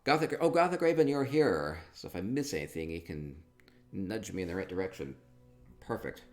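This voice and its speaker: A man chatting casually through a tour of a game, upbeat and quick to repeat himself, with soft laughs between remarks. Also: sits low, animated, soft background music. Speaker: gaming streamer touring player-built homes. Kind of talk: casual gameplay commentary.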